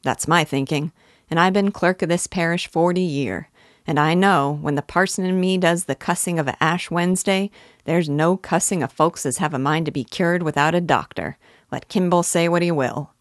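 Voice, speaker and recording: A woman's voice: on the low side, normal speed, dry recording, studio quality, lightly acted. A woman voicing a garrulous old male parish clerk who rambles in folksy rural dialect. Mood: rambling.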